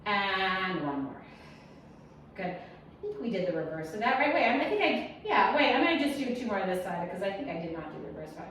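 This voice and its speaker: Chatty Pilates teacher in an echoey room. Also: female voice, medium pitch, sing-song, fairly quick, a bit bright, slight background noise. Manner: chatty, encouraging, counts breaths, jokes aside. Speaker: Pilates instructor. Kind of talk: guided exercise class cueing. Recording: echoey room, mic some distance off.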